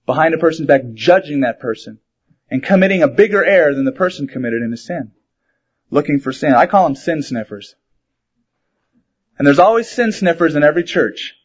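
A man's voice: a little high, animated, a little fast, slightly rough. A man preaching a sermon in a conversational way, asking rhetorical questions and mixing in humor. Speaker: pastor. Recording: dull lo-fi sermon recording.

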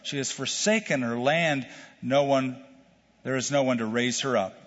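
A man preaching a verse-by-verse sermon, animated, repeating words as he goes and acting out the shouts in the story he tells. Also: mid-range voice, moderate pace. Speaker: pastor. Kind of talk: expository sermon with a told joke. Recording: dull, distant church hall sound.

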